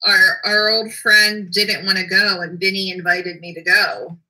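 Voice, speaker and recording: A woman's voice: mid-range voice, fairly even intonation, a little slow, pushed and bright, low-quality recording. A woman co-hosting a casual livestream chat, playful and full of "like"s. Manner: chatty and playful, lots of "like". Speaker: co-host.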